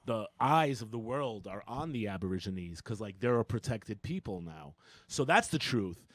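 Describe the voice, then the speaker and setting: A man's voice: fairly low pitch, lively intonation, normal speed, no room sound. A young man co-hosting a comedy podcast, riffing brashly and profanely in casual banter.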